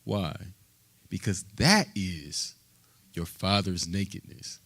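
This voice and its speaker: A man's voice: deep voice, expressive, takes it slowly, a bit bright. A man teaching a Bible study, reading scripture aloud and checking in with the group with frequent "right?", in a conversational American manner. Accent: American English. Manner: reads scripture aloud, rising in emphasis.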